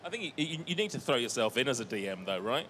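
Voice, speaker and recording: A man's voice: mid-range voice, big pitch swings, fast talker, bright, forceful tone, slight background noise. A man, a game master speaking on a live panel, thoughtful and prone to restarting his phrases. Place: stage before a live audience.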